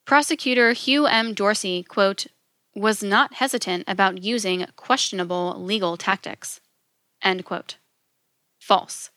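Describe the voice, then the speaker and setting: A woman narrating a script in a measured, even reading, stating each point plainly and in turn. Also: mid-range voice, no room sound, studio quality. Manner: measured, flat reading of quotes and rebuttals.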